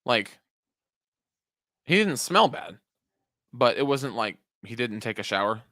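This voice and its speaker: Rambling young man, bright dry voice. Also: medium pitch, big pitch swings, measured pace, no echo. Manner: rambling, self-interrupting, swears often. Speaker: podcast co-host. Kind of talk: casual chat.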